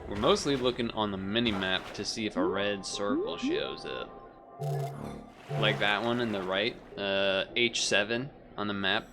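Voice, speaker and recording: A man's voice: lowish voice, a little slow. A man live-streaming a game, rambling casually to his chat with self-amused asides and casual swearing, over game music.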